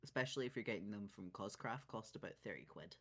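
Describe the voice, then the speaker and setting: A tired British man chatting casually late at night, relaxed and prone to laughing and swearing. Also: fairly low pitch, fast talker, breathy edge. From United Kingdom. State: tired, yawning. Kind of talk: casual chat.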